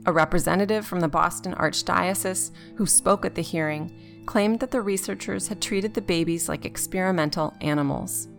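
Low-voiced woman narrating a documentary. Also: gravelly. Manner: steady, even reading.

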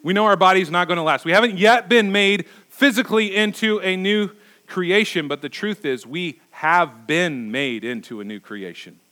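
A man's voice: high voice, normal speed, pushed and bright. A middle-aged male pastor preaching a sermon, emphatic and repeating words for stress.

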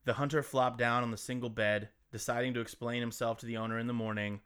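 A man's voice: mid-range voice, little pitch movement, fast talker, a bit bright, clear, resonant tone. A man co-hosting a podcast, reading a scary story and bantering in a joking, crude, playful way. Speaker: podcast co-host.

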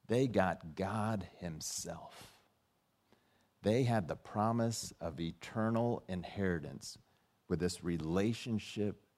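A middle-aged man preaching a sermon, telling a personal story and acting out the dialogue in it. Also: darkish tone. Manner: storytelling, acts out dialogue with rising and dropping pitch. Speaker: pastor.

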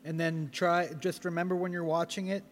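A man's voice: sits high, flat delivery, brisk, a little hiss or hum. A man on a podcast panel in casual chat, sharing trivia with a dry sense of humor.

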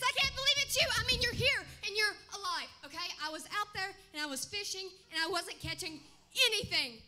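A woman playing an excitable male fisherman disciple in a comic church skit, rambling and eager, bursting into shouts. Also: extremely high pitch, exaggerated voice.

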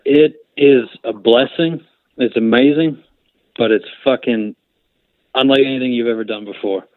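A man's voice: medium pitch, moderate pace, dry recording, narrow, tinny audio. A man talking casually as a podcast guest, blunt and crude in his joking. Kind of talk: casual chat.

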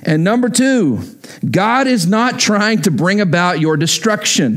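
Male pastor, high voice, emphatic sermon delivery that repeats key points. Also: lively intonation, a little slow, a bit bright.

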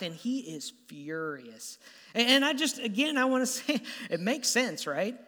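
A man preaching a sermon as animated, conversational storytelling with stammered restarts, in a church hall. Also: very high voice. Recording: long hall reverb.

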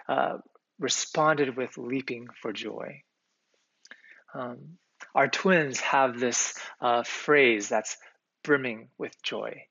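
A male pastor preaches with a gravelly, slightly husky voice, earnest and conversational, dropping in the odd filler word. The sound is dry and a little muffled. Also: mid-range voice, a bit bright, no echo. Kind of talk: sermon.

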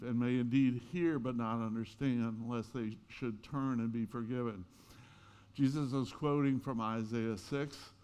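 A man's voice: medium pitch, darkish tone. A man in his sixties preaching a sermon in a conversational way, rising now and then into emphatic peaks. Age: 60s. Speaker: pastor.

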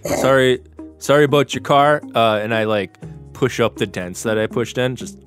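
A man's voice: mid-range voice, normal speed. Guy in a tabletop game, mid voice, awkward and stammery and polite, a little music behind. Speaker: player. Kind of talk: tabletop role-play.

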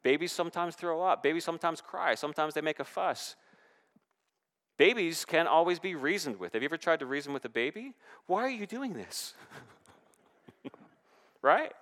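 A man's voice: on the high side, a little fast. Man preaching a sermon in a reverberant church. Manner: animated preaching with rising and falling emphasis. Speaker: pastor. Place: church sanctuary.

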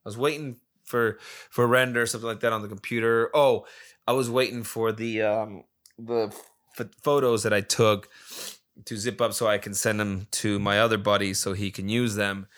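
Brief: male solo podcast host, English as a second language, loose profane rambling, bright tense tone. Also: lowish voice, fairly even intonation, normal speed. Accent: non-native English. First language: not English. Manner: rambling, profane, many restarts and repetitions. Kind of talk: casual solo podcast monologue.

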